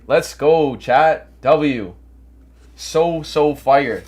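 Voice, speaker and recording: A man's voice: on the high side, extremely slow, slightly rough. Stuffy-nosed Canadian man hyping his chat. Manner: energetic, hyped, coaching chat. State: stuffed-up nose from allergies. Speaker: trading livestream host. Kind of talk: casual livestream chat reading viewer comments.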